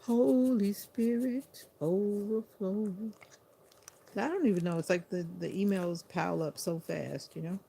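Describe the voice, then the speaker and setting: A sleepy woman hosting a livestream, chatting to viewers in an unhurried, casual way. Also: on the low side, vocal fry, warm tone, breathy edge. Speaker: livestream host.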